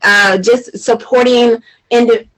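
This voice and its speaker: A woman's voice: fairly high pitch, steady tone, slow pace, fairly bright tone, low-quality recording. A woman hosting a casual live-stream chat, emotional and tearful, laughing often and rambling with fillers. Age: adult mother. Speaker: host.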